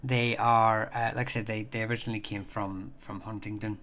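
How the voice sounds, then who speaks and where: A man hosting a casual live stream, answering viewer questions in a halting way, full of ums and restarts, chatty and self-deprecating. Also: fairly low pitch, little pitch movement, a bit bright.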